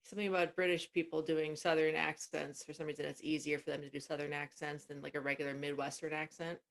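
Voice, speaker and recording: A woman's voice: low-pitched, little pitch movement, fast, creaky. A woman co-hosting a podcast, chatting and telling stories, often trailing off mid-thought. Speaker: podcast co-host. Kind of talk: casual chat.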